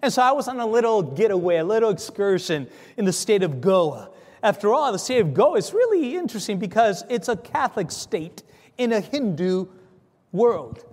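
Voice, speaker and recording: A man telling a story in a sermon, animated, acting out dialogue, with frequent stammering restarts. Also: sits high, normal speed, in a large hall. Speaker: preacher. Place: church.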